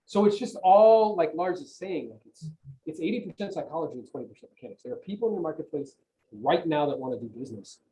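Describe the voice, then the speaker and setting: A man's voice: fairly high pitch, expressive, quick pace, dark tone, a little hiss or hum, poor audio. A man giving an emphatic, motivational coaching talk on a video call, often checking in with "right?". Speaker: real estate coach, guest on a video call.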